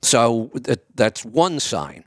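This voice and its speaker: A man's voice: medium pitch, very animated, takes it slowly, no room sound, clean studio sound. A man hosting a call-in advice show, chatty and explaining at length. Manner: chatty, retells stories with acted quotes. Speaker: radio show host.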